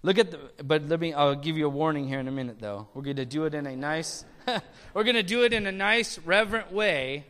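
A man preaching a sermon, his voice pitched high and bright with a crisp, resonant clarity. He talks to the congregation conversationally, tossing out rhetorical questions and small jokes. A long hall reverb trails behind each phrase. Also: fairly quick. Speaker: pastor.

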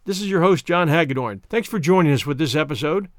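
A man's voice: fairly high pitch, expressive, fast talker, no room sound, studio quality. A man hosting a podcast, giving a scripted sign-off with thanks to listeners in an upbeat announcer manner. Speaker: podcast host.

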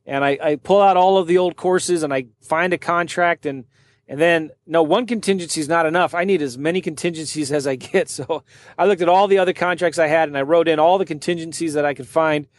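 A man who works as a real estate wholesaler and podcast host, telling a story in a casual, animated way and acting out what other people said. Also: fairly high pitch, fairly quick. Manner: animated, acts out other people's lines in quoted voices.

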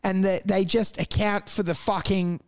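High-voiced crude storytelling man. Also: moderate pace, smooth. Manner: crude, animated, laughs through stories. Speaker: guest telling stories. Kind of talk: casual storytelling chat.

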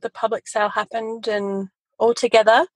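A woman, a guest telling her business story in a casual interview, animated and quick to laugh. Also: fairly high pitch, dry recording, low-quality recording. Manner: animated storytelling, quotes family in voices, laughs often. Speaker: guest, photography educator.

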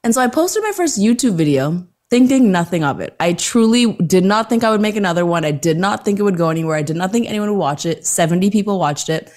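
A woman's voice: mid-range voice, fast, few pauses. Chatty woman telling stories. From Toronto, Canada. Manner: chatty, animated storytelling with voiced quotes and self-mocking humor. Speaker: podcast guest, entertainer. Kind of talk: casual interview chat.

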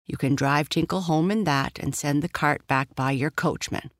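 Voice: medium pitch, normal speed, dry recording, clean studio sound, close to an everyday voice. A narrator reading a fair-minded circus man. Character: puzzled, fair-minded male circus owner.

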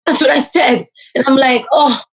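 A woman with a slightly husky, breathy voice at a medium pitch tells her own story in an interview. She is an animated life coach who leans on fillers and restarts. Her pitch jumps up whenever she acts out what someone said. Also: normal speed, low-quality recording. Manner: animated storyteller, raises pitch to act out quoted speech.

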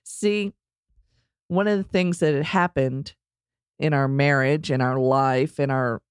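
A middle-aged woman telling a personal story in a casual, animated way, acting out quotes and laughing along. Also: very deep voice, takes it slowly, clean tone, dry recording, clean studio sound.

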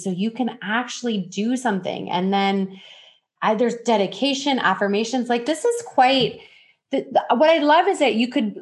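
A woman's voice: fairly high pitch, moderate pace. A woman hosting a podcast interview, chatting enthusiastically with frequent laughs. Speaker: podcast host. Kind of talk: casual interview chat.

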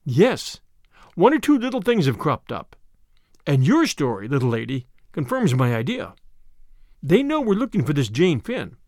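A man reading aloud as a weary older male spymaster, measured and grave. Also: fairly high pitch, huge pitch swings, a little mellow, no echo, studio quality.

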